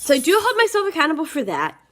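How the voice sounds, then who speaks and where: Earnest young woman vlogging, bright voice. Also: high voice, wildly swooping pitch, rapid-fire. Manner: earnest, rambling, with fillers and restarts; stressed and frustrated venting. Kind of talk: confessional vlog talk.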